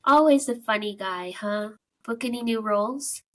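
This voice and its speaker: A woman's voice: fairly high pitch, fairly bright tone, lightly acted. A woman doing a jovial man with a put-on Slavic-style voice. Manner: jovial, halting phrasing. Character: friendly middle-aged male neighbor with a Slavic-sounding accent.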